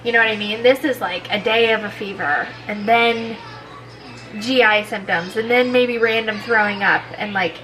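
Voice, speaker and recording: A woman's voice: fairly high pitch, steady tone, normal speed, fairly bright tone, low-quality recording. A sick woman with a congested voice, chatting casually and rambling through a home vlog. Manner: tired, rambling, many likes and restarts. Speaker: vlogger.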